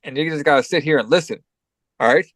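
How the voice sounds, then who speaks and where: A man's voice: a little high, quick pace, a bit bright, no room sound. A man with a cold co-hosting a podcast, giving a loose, profane, filler-heavy recap of a movie. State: has a cold. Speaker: podcast co-host.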